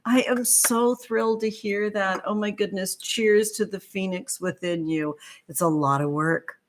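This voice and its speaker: A woman hosting a tarot livestream, chatting warmly with viewers and gushing over their comments with pet names. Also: mid-range voice, a little slow. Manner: effusive, gushing, calls viewers sweetheart. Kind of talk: live-stream chat with viewers.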